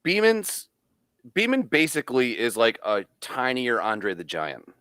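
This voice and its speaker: A man's voice: mid-range voice, unhurried, smooth, dry recording, studio quality. A man, co-hosting a podcast and telling stories in casual banter, swearing freely. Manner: swearing, storytelling, animated. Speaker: podcast co-host.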